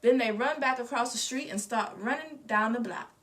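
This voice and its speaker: A woman reading a storybook aloud with expressive, lively narration. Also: a little high, normal speed. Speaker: reader. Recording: distant mic.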